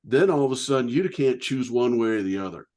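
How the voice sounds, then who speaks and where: A podcast host interviews a guest in a mid-range, darkish voice that's fairly quick with lively intonation. He's admiring and emphatic, repeatedly praising the guest's story.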